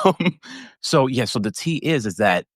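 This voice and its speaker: A man's voice: medium pitch, big pitch swings, unhurried, dry recording, clean studio sound. A man hosting a podcast, playful and gossipy in casual chat, often laughing. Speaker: podcast host.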